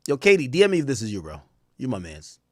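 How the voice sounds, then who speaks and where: A young man streaming live, trash-talking basketball players in a loud, profane, excitable way, his voice jumping up and down. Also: fast talker, no echo, studio quality. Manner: loud, profane trash talk with sudden jumps in pitch and volume. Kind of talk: casual live-stream commentary reacting to chat and posts.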